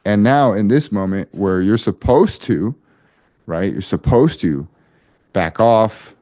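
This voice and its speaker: Casting note: man, lowish voice, blunt and profane, plays out quoted talk. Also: animated, slow, dark tone. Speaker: marriage coach. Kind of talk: coaching talk to a group of men.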